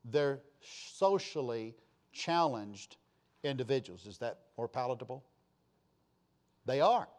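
A man preaching a sermon with passion, swinging between loud declarations and soft asides and posing rhetorical questions to his listeners. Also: mid-range voice, expressive, a little slow.

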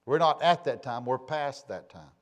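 A man preaching a sermon, shifting between loud, emphatic passages and quiet, low asides, with a folksy storytelling manner. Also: lively intonation, normal speed. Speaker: pastor.

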